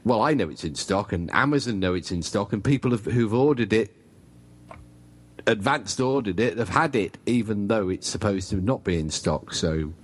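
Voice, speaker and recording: A man's voice: lowish voice, expressive, moderate pace, slightly rough. A man, co-hosting a podcast over a call, rambling and wry in self-deprecating banter. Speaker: podcast co-host. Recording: remote call audio.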